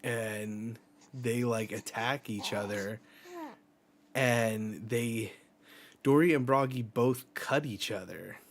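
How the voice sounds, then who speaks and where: A man's voice: medium pitch, slow, slight background noise. A man hosting a live reading reaction, casually retelling a manga chapter panel by panel and reading the characters' lines aloud, with the odd swear.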